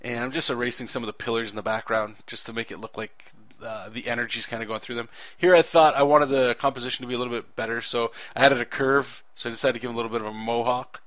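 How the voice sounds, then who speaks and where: A man's voice: medium pitch, steady tone, fast, fairly bright tone, no room sound. A man talking casually over his own drawing video, rambling earnestly with frequent self-corrections. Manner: earnest and enthusiastic about clear storytelling. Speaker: artist narrating his drawing process.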